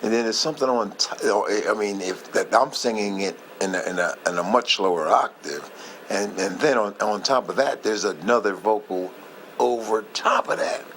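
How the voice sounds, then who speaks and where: A man casually reminiscing in a heartfelt, rambling way, often halting and losing his thread. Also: fairly low pitch, fairly bright tone, a little hiss or hum, low-quality recording. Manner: heartfelt, moved by the memory. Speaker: vlogger sharing memories.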